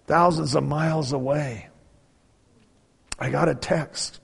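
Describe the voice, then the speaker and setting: Gravelly older man preaching in a hall. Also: mid-range voice. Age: 60s. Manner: animated, swings from hushed to loud preaching. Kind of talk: sermon storytelling. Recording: long hall reverb.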